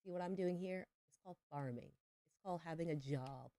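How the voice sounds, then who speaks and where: A woman's voice: lowish voice, brisk, warm tone, dry recording. A young adult woman streaming a farming game, chatting playfully with her viewers. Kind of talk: casual livestream chat while gaming.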